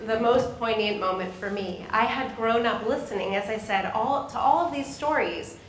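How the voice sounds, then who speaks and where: A woman's voice: a little high, moderate pace. A middle-aged woman moderating an event, telling a personal story to an audience with feeling and acting out voices, on a microphone in a synagogue hall. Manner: emotional, animated, acts out voices in her story. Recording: echoey hall with faint noise.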